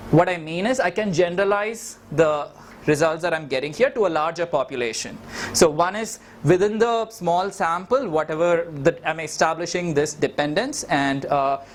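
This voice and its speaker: A man's voice: fairly high pitch, fairly quick, slight background noise. A man from India giving an explanatory talk, conversational and self-correcting, with frequent fillers.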